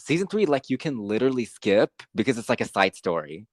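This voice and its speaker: A young man co-hosting a podcast, talking casually with lots of fillers, rambling and getting excited. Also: medium pitch, brisk, no echo. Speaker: podcast co-host. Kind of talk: casual chat.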